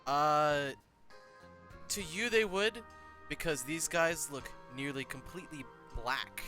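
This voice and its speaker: A man serving as game master, narrating a tabletop game in a loose, casual way with frequent restarts. His voice is bright and forceful. Faint music sits underneath. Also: a little high, takes it slowly.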